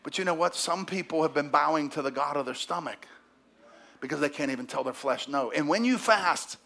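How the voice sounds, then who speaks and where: A middle-aged man preaching as a pastor. He swings between shouted exhortation and hushed, intimate passages, and he calls on the congregation to answer back. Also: a little high, brisk, creaky. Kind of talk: sermon.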